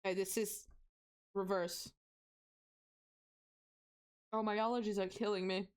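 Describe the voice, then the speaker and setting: A woman's voice: mid-range voice, unhurried, smooth. A young woman from Portugal with a Portuguese accent, chatting casually with her live-stream chat while building a set. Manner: chatty, animated, reacts to chat.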